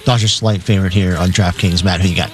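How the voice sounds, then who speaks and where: A man on sports radio reading out games and betting lines in a matter-of-fact way, with filler pauses. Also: sits low, fairly even intonation.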